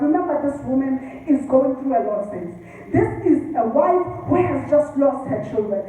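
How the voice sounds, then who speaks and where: High-voiced woman preaching in echoey hall. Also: animated, normal speed, warm tone. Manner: emphatic, repeating phrases. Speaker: pastor. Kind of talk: sermon. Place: church hall. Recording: echoey church hall, distant mic, faint noise.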